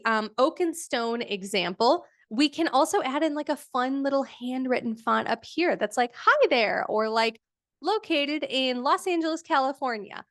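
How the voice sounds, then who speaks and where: A woman's voice: high voice, a bit bright, no echo, clean studio sound. A woman teaching a live online design workshop, casual and chatty with lots of fillers like "um" and "like".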